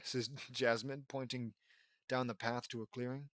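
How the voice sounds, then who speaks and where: A man's voice: mid-range voice, a little slow, dry recording, clean studio sound. Sarcastic man reading fan fiction aloud. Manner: sarcastic asides, frustrated commentary. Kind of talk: mocking audiobook reading.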